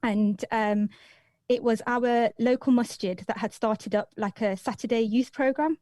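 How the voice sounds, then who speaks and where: A woman's voice: on the high side, measured pace, darkish tone, dry recording. A young woman from Leicester, a radio guest telling her story in a chatty way with many ums. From Leicester, England. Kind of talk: interview answers.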